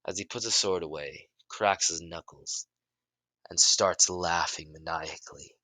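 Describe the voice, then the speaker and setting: A man improvising a fan story in halting narration, often restarting his sentences and shouting out the characters' lines. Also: deep voice, no echo. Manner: halting, many restarts and self-corrections; bursts into loud shouts for dialogue.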